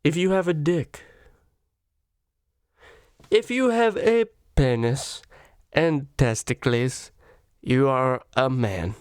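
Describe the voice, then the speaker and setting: Smooth-voiced man on a swearing rant. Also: lively intonation, slow, pauses often, dry recording, studio quality. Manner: swearing, rambling, pitch jumping up when worked up. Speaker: vlogger. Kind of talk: profane comedic rant.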